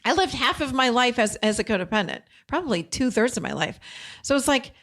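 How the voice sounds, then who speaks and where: A woman's voice: on the high side, big pitch swings, a little fast, fairly bright tone. Chatty, direct woman podcast host. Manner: conversational and direct, acts out quoted dialogue. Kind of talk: casual teaching monologue.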